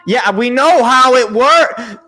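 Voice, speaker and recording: A young man with a high, bright voice reacts live as a sports show host. He rambles with exasperated sarcasm, jumping from gripe to gripe. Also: animated, slow.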